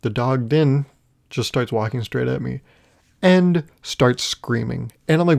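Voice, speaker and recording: A young male podcast host with a gravelly, fry-edged voice at an ordinary pitch for a man. He talks alone to his listeners and rambles through self-mocking comic stories, often chuckling at his own jokes. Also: animated, unhurried, darkish tone. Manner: rambling, self-deprecating storytelling with frequent laughs. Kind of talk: comedic solo podcast monologue.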